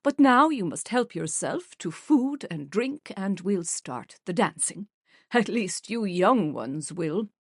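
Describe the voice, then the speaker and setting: A woman's voice: mid-range voice, sing-song, takes it slowly, husky, no echo, studio quality, exaggerated voice. A woman voicing an elderly grandmother hosting a party, proud, gracious and effusive in her speech, in an audiobook. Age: older. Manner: warm, effusive hostess speech.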